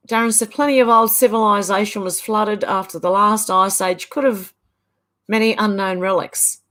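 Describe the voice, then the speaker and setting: A middle-aged Irish livestream host speaks at medium pitch with a fairly bright tone. Chatty and quick to laugh, she reads viewer comments aloud in a sing-song voice during her casual stream.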